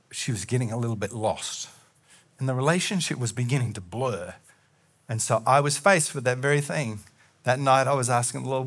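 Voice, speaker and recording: A man preaching a sermon as a pastor, talking earnestly and telling personal stories, and acting out remembered conversations in lively bits. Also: mid-range voice. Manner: animated, acts out remembered conversations.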